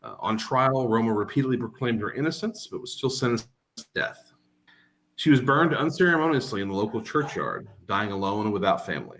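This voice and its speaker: A man's voice: fairly low pitch, sing-song, brisk, fairly bright tone, slight background noise. A man voicing a nervous, timid little man in a tavern who stammers and hesitates. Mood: calmer storytelling.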